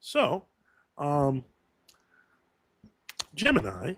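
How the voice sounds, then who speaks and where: A man hosts a live question-and-answer stream, chatting casually and wandering through his thoughts with plenty of ums and restarts. His voice sits a little high and has a bright, forceful edge. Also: wildly swooping pitch, very slow, husky, no echo. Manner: rambling, with many fillers and self-corrections.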